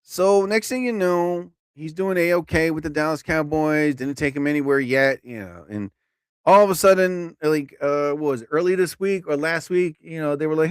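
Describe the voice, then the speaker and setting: A man hosting a live comedy stream. He rambles through a story in an animated way and laughs at his own jokes. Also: fairly high pitch, normal speed, smooth, dry recording, clean studio sound.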